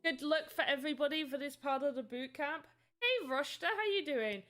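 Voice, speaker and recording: A woman's voice: high-pitched, animated, normal speed, sharp tone, soft background music. A woman with a British accent chatting casually on a livestream. She rambles a little while answering her chat. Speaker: livestreamer making voxel art.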